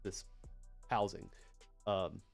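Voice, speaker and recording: A man's voice: low voice, flat delivery, extremely slow, creaky, soft background music. A man with a Southern US accent hosting a live technical training session, chatty and rambling with lots of fillers. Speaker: PLC training host. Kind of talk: casual live-stream technical lesson.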